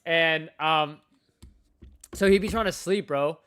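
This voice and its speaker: A man's voice: a little high, takes it slowly, a bit bright, smooth. A young man chatting casually on his livestream, telling loose stories full of slang and swearing, calling everyone bro. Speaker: day-trading livestreamer.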